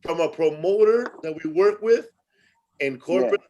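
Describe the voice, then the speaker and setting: A man's voice: high voice, moderate pace, dark tone, highs cut off. A man hosting a podcast, asking questions and teasing his guest in casual chat. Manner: joking, teasing interviewer. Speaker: podcast host.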